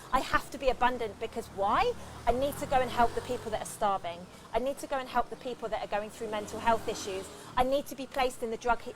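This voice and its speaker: A woman's voice: a little high, noisy background. A woman giving an impassioned motivational talk on a livestream, swearing freely. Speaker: livestream host.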